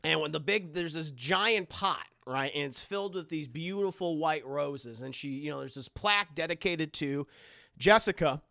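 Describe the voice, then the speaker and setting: A man with a rather high, creaky voice speaks at a moderate pace, recorded cleanly in a studio with no echo. Streaming live, he recaps a movie in a rambling, casual, profane way, telling it animatedly with filler words and addressing his chat.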